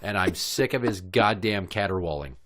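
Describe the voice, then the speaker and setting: A man's voice: low-pitched, animated, moderate pace, a bit bright. A man hosting a podcast, chatting casually with a guest, teasing and swearing freely. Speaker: podcast host. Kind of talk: casual profane chat.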